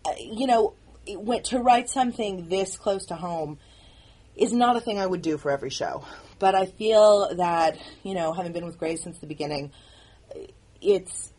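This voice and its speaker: Woman, show writer-producer, commentary track; low, husky voice; candid, halting. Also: darkish tone. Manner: earnest, halting, frequent restarts.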